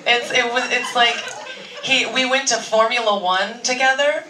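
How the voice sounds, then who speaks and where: A woman, an actress on a convention panel, telling rambling, lively anecdotes and laughing often. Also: a little high, moderate pace, very noisy. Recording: echoey hall, far-off mic.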